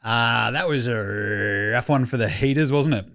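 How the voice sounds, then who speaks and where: A man's voice: medium pitch, unhurried. A man with an Australian accent hosting a sports podcast, joking and swearing in casual chat. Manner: profane, animated and joking. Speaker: podcast host.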